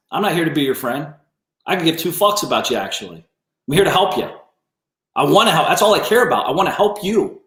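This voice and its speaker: In a blunt, profane livestream rant, a man hosting a business coaching stream swears freely at a commenter and dares him to prove his claims. His voice is a bit high for a man, with a fairly bright tone. A clear room echo fills the recording.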